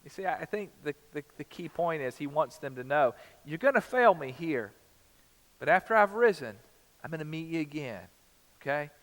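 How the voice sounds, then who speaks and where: Male pastor, relaxed chatty sermon delivery with dramatic quotes, voice a touch high, echoing sanctuary. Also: moderate pace. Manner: conversational preaching, dramatizes quotes with rising emphasis.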